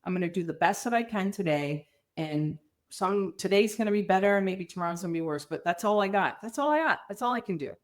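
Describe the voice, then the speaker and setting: Middle-aged woman guest telling her story, lowish voice, acts out the quotes. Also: fast, hardly any pauses. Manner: animated, acts out quoted dialogue. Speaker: podcast guest. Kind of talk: candid storytelling interview.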